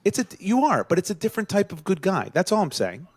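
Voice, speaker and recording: A man's voice: fast talker, breathy edge, dry recording. A man co-hosting a podcast, telling a story to friends in casual chat and acting out the quotes. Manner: animated, acts out quotes with rising pitch. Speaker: podcast co-host.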